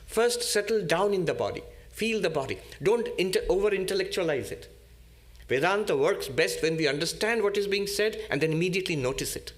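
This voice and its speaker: A man speaking as a monk in a spiritual lecture, his voice sitting a little higher than most men's. He teaches deliberately and patiently, returning again and again to the same key terms. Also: animated. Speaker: monk giving a spiritual talk.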